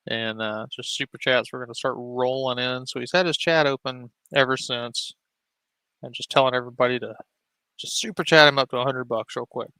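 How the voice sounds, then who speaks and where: A man's voice: medium pitch, fairly quick, bright, forceful tone, smooth, no room sound, rough recording. A man hosting a stream, adding casual, dry and mocking commentary. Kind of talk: casual commentary on a played clip.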